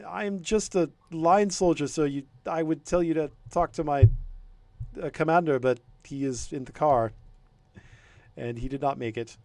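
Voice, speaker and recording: A man voicing a nervous young German soldier in a tabletop game, speaking in a stiff, halting way with a German accent. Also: fairly high pitch, darkish tone, pitched above the performer's own voice, close to an everyday voice.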